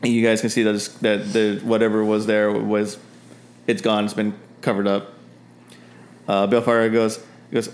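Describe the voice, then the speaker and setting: Low-voiced man narrating a tabletop game. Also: monotone, moderate pace, a little mellow. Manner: rambling narration with many fillers and restarts. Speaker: game master.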